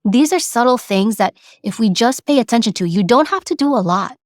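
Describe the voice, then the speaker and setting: A woman giving a motivational talk, animated and acting out examples as she speaks. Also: fairly high pitch, brisk, no room sound, clean studio sound. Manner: animated, acts out examples, repeats words. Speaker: speaker on presence and communication.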